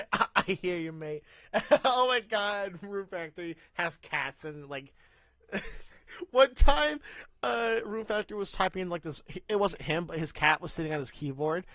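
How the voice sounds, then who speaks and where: Excitable young man ranting on a podcast. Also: high-pitched, a little slow, no echo. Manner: rambling, excitable, ranting with laughs. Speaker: podcast host. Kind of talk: casual podcast chat. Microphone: mic through a soundboard.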